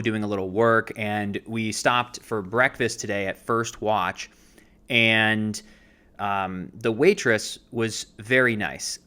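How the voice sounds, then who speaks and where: A man in his thirties co-hosting a casual show, telling a long anecdote with lots of fillers. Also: on the low side. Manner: rambling, filler-heavy, animated retelling. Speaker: podcast co-host, actor. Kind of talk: casual storytelling chat.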